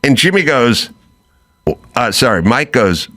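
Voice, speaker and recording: A middle-aged man hosting a chat show, telling a story in a loose, animated way and acting out both sides of the quoted talk. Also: fairly high pitch, normal speed, long pauses. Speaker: podcast host.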